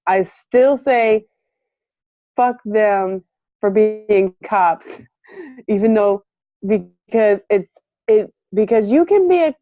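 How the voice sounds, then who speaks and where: There's a high-sounding woman here, telling an animated story in casual conversation, laughing a lot and imitating the people she quotes. Her recording is muffled lo-fi, dry and echo-free.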